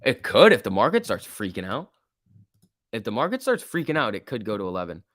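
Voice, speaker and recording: A man hosting a live market stream, talking casually and getting excited as he reacts. His pitch swings widely between calm remarks and sudden bursts of enthusiasm. The sound is dry and close, with no room around it. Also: a little fast, dry recording. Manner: excitable, reacts aloud and reads chat. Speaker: livestream host.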